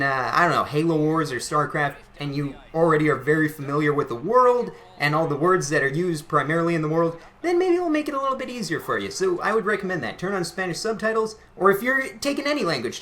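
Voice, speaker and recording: A man's voice: fairly high pitch, big pitch swings, brisk, few pauses, bright, forceful tone. A young man hosting his channel, chatting casually and laughing at his own stories. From Canada. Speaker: channel host. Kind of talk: casual storytelling to camera.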